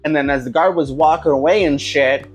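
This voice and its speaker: A man with a somewhat high voice tells a story casually and animatedly, full of slang and swearing. He keeps breaking into high, shouted impressions of the people in it. Faint music plays in the background. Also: brisk. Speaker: podcast host telling a jail story.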